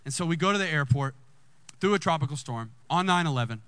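A man, a lead pastor telling a personal story in a sermon and jumping high in pitch when excited. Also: fast, smooth, dry recording.

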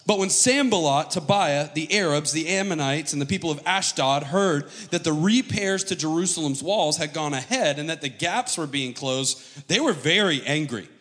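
Animated preaching man, echoing church hall. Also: fairly high pitch, normal speed. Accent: American. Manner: animated, jokey preaching with dramatic scripture reading. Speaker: pastor. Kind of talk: sermon. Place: church stage with long reverb.

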